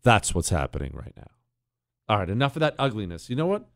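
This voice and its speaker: Recorded at studio quality on a studio mic with no echo, a man speaks quickly in a sing-song voice on the low side. He's a talk radio host in his studio, brash and sarcastic, running through ad reads and listener mail in a monologue and laughing as he goes.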